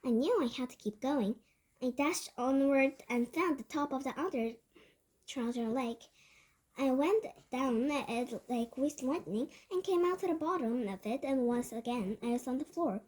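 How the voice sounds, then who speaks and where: A woman reads a children's novel aloud in the first person, her voice high and light. She tells it with a lively storytelling lilt, now and then stumbling and restarting a phrase. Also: unhurried. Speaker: book reader.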